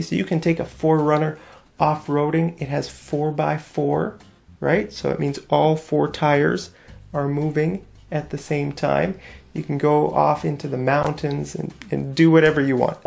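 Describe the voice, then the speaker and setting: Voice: medium pitch, creaky, a little mellow. A teacher giving a vocabulary lesson to English learners, repeating each new word and asking the class questions.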